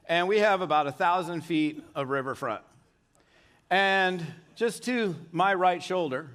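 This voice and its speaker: A middle-aged man speaking from a stage at a live keynote, his voice pitched high for a man and ringing bright. He tells stories with energy and keeps turning to the crowd with questions. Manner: energetic storytelling with audience questions. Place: large event hall on stage.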